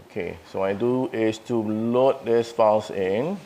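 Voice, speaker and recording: Halting man demoing audio gear. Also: lowish voice, mellow. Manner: halting, thinks aloud with restarts. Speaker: audio product demonstrator. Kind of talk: live product demo.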